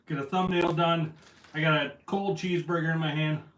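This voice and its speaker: A man with a somewhat high, steady, fairly bright voice hosts a casual fishing livestream from home, speaking briskly. He sounds a little out of breath as he greets viewers by name, and the indoor room gives a roomy echo.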